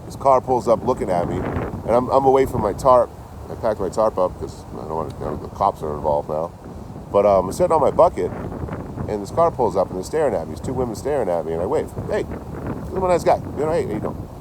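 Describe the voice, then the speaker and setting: Low-voiced man, animated livestream storytelling. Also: fast, background noise. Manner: animated, swears a lot, talks to chat by name. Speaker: livestreamer talking to chat.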